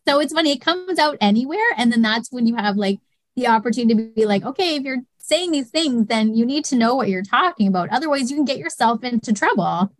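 A woman's voice: fairly high pitch, fast talker, dry recording, low-quality recording. A middle-aged woman, a mother and podcast guest, animatedly telling stories and acting out the quotes in casual chat. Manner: animated storyteller who acts out quotes.

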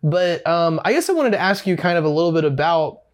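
A man's voice: on the high side, big pitch swings, quick pace. A man hosting a casual interview, asking long, wandering questions full of fillers. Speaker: podcast host.

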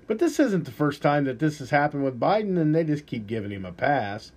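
A man's voice: fairly high pitch, sing-song, a little fast, darkish tone. Blunt, profane man ranting casually. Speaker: podcast host. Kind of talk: casual political commentary.

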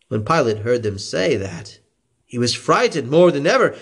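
A man reading scripture aloud in a slow, expressive way. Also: mid-range voice, husky. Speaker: scripture reader.

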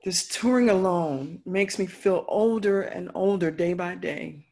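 A woman's voice: lowish voice, unhurried, gravelly, dark tone, breathy edge, exaggerated voice. A woman playing a remorseful, motherly friend who confesses a wrong in earnest, heartfelt words in a stage play. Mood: confessing, earnest.

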